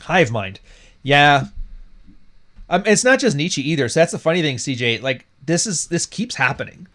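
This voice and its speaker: A man's voice: fairly high pitch, very animated, moderate pace, fairly bright tone. Blunt, profane man on a livestream. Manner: blunt and profane, laughing at his own jokes. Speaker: podcast host. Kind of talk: casual livestream talk.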